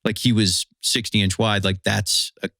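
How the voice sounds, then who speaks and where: A man hosting a podcast, telling a hunting story in relaxed, casual chat. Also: lowish voice, normal speed, gravelly, dry recording, studio quality. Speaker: podcast host.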